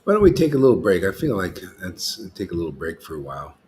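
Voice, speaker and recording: A man's voice: sits low, sing-song, fast talker, a little mellow. A man hosting a casual spiritual discussion, rambling and often saying "see" and "you know.". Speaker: host.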